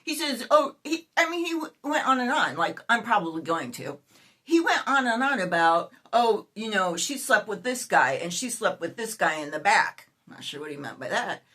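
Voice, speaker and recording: A woman in her fifties rants to her viewers in a casual vlog. She talks in an exasperated, animated way and breaks into sudden outbursts. Her pitch swings widely from line to line. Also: moderate pace. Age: 50s. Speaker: YouTuber.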